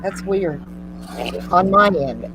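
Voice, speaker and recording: A woman's voice: fairly low pitch, expressive, slow, noisy background. Chatty woman hosting a craft stream. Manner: chatty, encouraging, talks through each step. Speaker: host. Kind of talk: casual chat during a craft demo.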